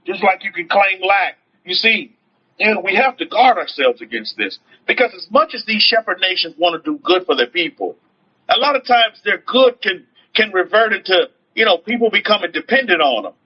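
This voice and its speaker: A high-pitched man preaches as a rabbi in an informal online teaching, repeating his phrases and asking rhetorical questions. He reads out comments from viewers as he goes. The sound is dull and lo-fi, like a livestream. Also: lively intonation, moderate pace, husky. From United States. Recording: dull lo-fi stream audio.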